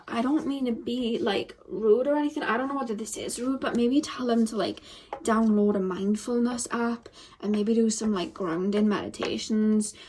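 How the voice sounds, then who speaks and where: A young woman with a somewhat high voice gives a casual pick-a-card tarot reading. She talks to the camera in a chatty, animated way and fills her sentences with "like." She sounds close to the mic. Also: slight background noise. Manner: chatty, animated, lots of "like" fillers.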